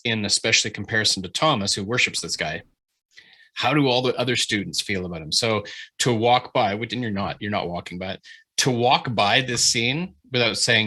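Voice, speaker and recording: A man with a medium-pitched voice runs a writing workshop by video call. His critique is animated and informal, full of swearing and frequently restarted sentences.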